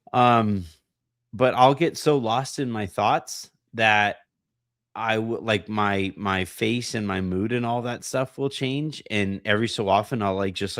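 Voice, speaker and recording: A man hosting a casual podcast, hoarse from a voice that partly went away, rambling and self-deprecating with lots of fillers and restarts. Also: fairly low pitch, a bit bright, dry recording, clean studio sound. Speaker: podcast host.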